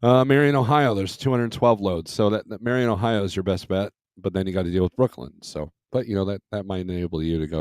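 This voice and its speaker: A man's voice: low voice, fast, hardly any pauses, a little mellow, no echo, clean studio sound. A man hosting a casual trucking livestream, rambling as he reads load listings aloud and comments on them. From Michigan.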